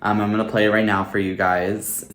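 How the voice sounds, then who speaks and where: A man's voice: on the low side, level tone, brisk, fairly bright tone, roomy sound. A man speaking earnestly and openly in a personal vlog, reflecting on his year and giving advice. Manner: earnest, open and heartfelt, with filler "like" and "you know". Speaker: vlogger.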